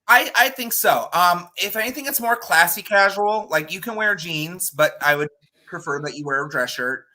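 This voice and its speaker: A man as a guest drag performer and cosplayer, in casual interview chat, animated and chatty with quick asides. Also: sits high.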